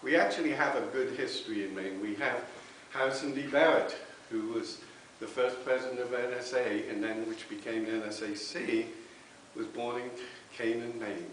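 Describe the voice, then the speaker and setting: A reverend giving an earnest spiritualist sermon with personal testimony, often checking in with the congregation. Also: male voice, mid-range voice, fairly even intonation, moderate pace. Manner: earnest, tag questions with okay. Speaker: reverend speaking at a spiritualist church. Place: church hall. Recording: very echoey hall, distant mic, faint hiss.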